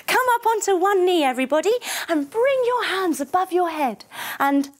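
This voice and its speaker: A woman leading a children's yoga story, telling it in an animated way with playful sound effects. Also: very high voice, moderate pace. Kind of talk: guided kids' yoga story.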